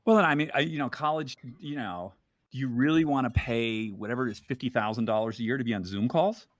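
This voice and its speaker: A man's voice: medium pitch, fast talker, no echo. A man talking as a podcast guest in casual conversation, loose and full of fillers. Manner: animated, loose, lots of fillers like "you know" and "like". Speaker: podcast guest, photographer and speaker.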